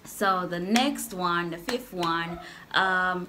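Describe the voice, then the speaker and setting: A woman's voice: fairly low pitch, slow, noisy background. A young Jamaican woman with a Jamaican accent, chatting casually to a phone camera in a vlog, laughing and playfully emphatic. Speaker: vlogger. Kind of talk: casual talking-head vlog.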